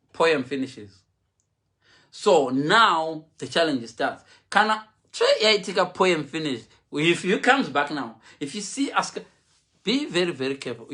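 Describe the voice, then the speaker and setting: A man preaching a humorous sermon, mixing English and Shona and acting out the people he quotes. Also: a little high. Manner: animated, mixes English and Shona, acts out quotes.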